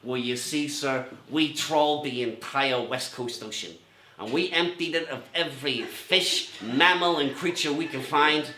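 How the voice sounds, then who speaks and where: On a comedy stage, a man with a mid-range voice impersonates a rumpled, dogged TV police lieutenant, using a slow, quiet drawl that keeps circling back to "sir" and "you see." The club's echo makes the sound roomy.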